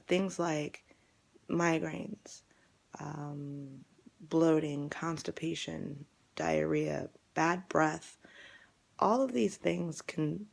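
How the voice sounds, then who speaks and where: A young adult woman, a fitness vlogger, losing her voice and sounding hoarse, talking casually to camera with many fillers and restarts. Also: sits low, a little mellow. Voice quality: hoarse, gravelly.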